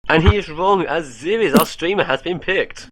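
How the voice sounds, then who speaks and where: A man's voice: on the high side, moderate pace, fairly bright tone, no echo. A man casually commentating a gaming league draft on a stream, joking and laughing often. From Europe.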